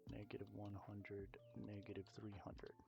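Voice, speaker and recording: A man's voice: fairly low pitch, monotone, normal speed, creaky. A man giving rambling, self-mocking let's-play commentary with lots of fillers, talking into a desk mic. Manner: chatty, digressive, self-mocking, many fillers. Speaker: gaming YouTuber.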